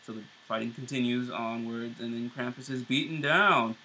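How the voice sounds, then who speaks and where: Bright-voiced man recapping an episode. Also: medium pitch, fairly even intonation, moderate pace, a little hiss or hum, low-quality recording. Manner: recaps plot loosely, many fillers and restarts. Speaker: show co-host. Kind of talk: casual episode review.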